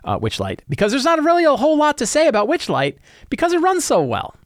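A man casually sharing advice as a tabletop game master, animated and acting out his players' reactions. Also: very high voice, fast, no room sound, clean studio sound. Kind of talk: casual tips talk.

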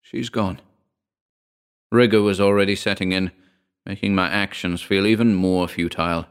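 A man reading a horror short story aloud in a measured, grave storytelling manner. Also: sits low, steady tone, clean tone. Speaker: narrator. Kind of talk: scripted horror narration.

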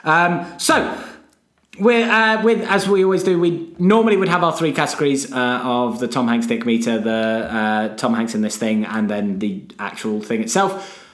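A man's voice: mid-range voice, steady tone, normal speed, a bit bright, reverberant. A man co-hosting a podcast in casual chat, rambling and wry, often stopping to restart his thoughts. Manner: rambling, self-interrupting, wry. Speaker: podcast co-host.

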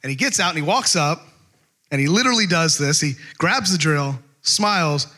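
A man preaching a casual, conversational sermon, telling a personal story with lots of fillers and animated asides. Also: fairly high pitch, normal speed. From California. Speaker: pastor.

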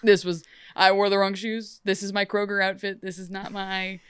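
A young woman co-hosting a casual chat show, recapping a TV episode with jokes and quick bits of acted-out dialogue. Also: medium pitch, smooth, dry recording, clean studio sound. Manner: animated, jokey, acts out characters in funny voices. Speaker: podcast co-host.

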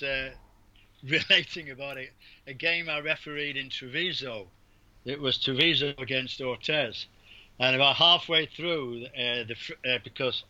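Bright-voiced English ex-referee telling stories. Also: male voice, mid-range voice. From England. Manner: rambling anecdotes with restarts and laughs. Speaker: guest, former basketball referee. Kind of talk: storytelling in an interview. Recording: dull lo-fi audio.

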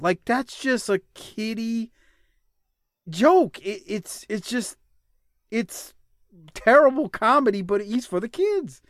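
A man's voice: high voice, slow pace, no echo, studio quality. A man co-hosting a casual podcast, laughing and rambling. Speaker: podcast co-host. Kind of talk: casual chat.

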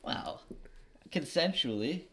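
A man co-hosting a podcast in casual chat, his voice a bit crackly today, joking in a deadpan way. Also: fairly high pitch, slow. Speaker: podcast co-host.

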